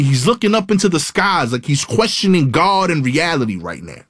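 A man telling a comic personal story, animated and building suspense through repetition. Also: fairly high pitch, moderate pace, no echo, studio quality.

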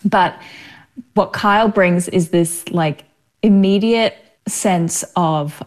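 A woman's voice: fairly low pitch, takes it slowly. An Australian woman in her thirties, an actress chatting as a guest in an interview, talking freely with frequent laughter. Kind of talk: casual interview.

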